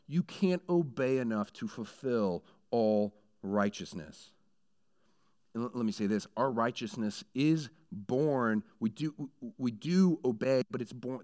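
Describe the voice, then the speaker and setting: A man's voice: mid-range voice, smooth. Conversational man preaching a sermon. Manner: conversational preaching, building to animated storytelling. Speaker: pastor.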